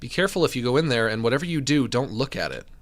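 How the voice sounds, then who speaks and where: A man's voice: medium pitch, sing-song, rapid-fire. A man voicing an anxious, paranoid male painter in a video game, talking in a jittery, pleading way. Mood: uneasy.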